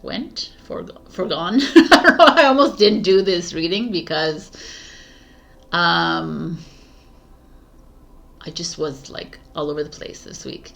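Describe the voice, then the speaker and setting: A woman's voice: on the low side, expressive, slow, creaky, long pauses, a bit bright. A woman tarot reader talking casually to her viewers, laughing at herself and losing her train of thought. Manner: giggly, scattered, laughing at herself. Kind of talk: casual spoken tarot talk.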